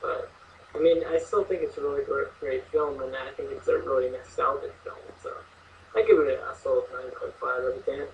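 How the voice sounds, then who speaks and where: A man chatting excitedly about horror films, laughing often and using lots of fillers. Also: medium pitch, brisk, creaky. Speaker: co-host reviewing horror films. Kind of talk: casual chat. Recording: distant mic, muffled, faint hiss.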